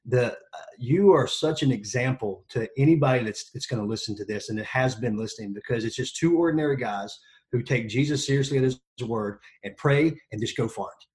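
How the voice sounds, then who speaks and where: A man in his thirties talking as a podcast guest, energetic and joking as he tells stories. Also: mid-range voice, fairly quick. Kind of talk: casual podcast conversation.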